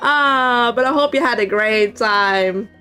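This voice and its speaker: A woman's voice: on the high side, slow pace, bright, forceful tone, faint music behind. A woman streamer chatting casually with her viewers in a giggly, playful, teasing manner. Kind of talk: casual live-stream chat.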